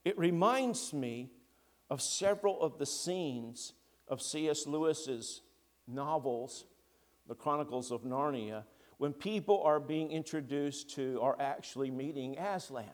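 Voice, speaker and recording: A man preaching a sermon, slow and deliberate with long pauses between phrases. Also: a little high.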